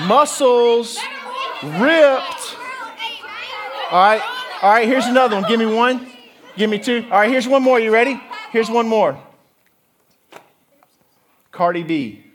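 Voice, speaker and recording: A young man giving a lively youth ministry talk, telling stories and drawing the crowd into call-and-response. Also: high-pitched, noisy background. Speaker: youth speaker.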